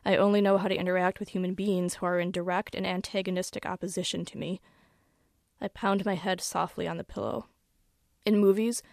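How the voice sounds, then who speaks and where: A woman's voice: mid-range voice, no room sound. Woman reading fiction wryly, dry sound. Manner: wry, deadpan first-person delivery. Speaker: author. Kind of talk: reading aloud her own fiction.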